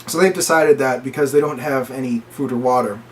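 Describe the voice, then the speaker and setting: A young man recapping a film in casual chat, animated and laughing often as he acts out lines in put-on voices. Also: medium pitch, a little fast. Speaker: movie reviewer. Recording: distant mic with faint noise.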